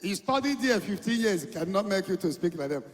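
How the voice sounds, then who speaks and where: A man's voice: sits high, lively intonation, brisk. A Nigerian man preaching as an evangelist, coaxing his congregation and repeating phrases as he calls people to stand. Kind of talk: sermon with congregation call-and-response. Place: large church hall. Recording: long reverb of a church hall.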